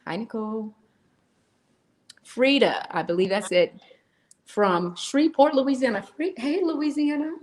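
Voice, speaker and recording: A woman's voice: on the high side, unhurried, pauses often, darkish tone. A woman co-hosting a live stream, chatty and laughing as she greets viewers by name. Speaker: co-host. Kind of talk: live-stream chat, reading out viewer names.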